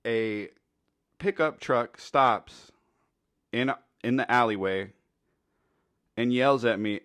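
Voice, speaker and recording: A man's voice: mid-range voice, slow pace, pauses often, fairly bright tone, no room sound. A man telling a funny story in a casual, rambling, foul-mouthed way. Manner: laid-back, profane, rambling. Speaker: storytelling commentator.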